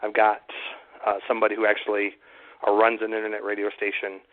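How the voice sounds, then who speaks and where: A man's voice: fairly low pitch, completely flat delivery, fast. A man hosting an online radio show, chatting casually and rambling with many fillers. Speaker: radio host. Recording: tinny phone-like audio.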